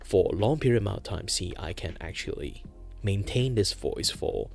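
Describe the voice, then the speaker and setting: A man with a gravelly, deliberately deep bass voice hosts a relaxed, rambling drawing stream. His pitch swings widely as he talks. Soft music plays faintly behind him. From Malaysia. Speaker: streamer host. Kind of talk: casual stream chat while drawing.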